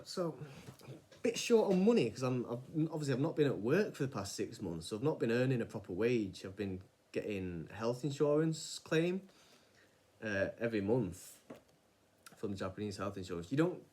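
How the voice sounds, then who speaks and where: A man, casually telling a personal story in a rambling, animated way, with frequent restarts and some swearing. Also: medium pitch, husky. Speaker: vlogger.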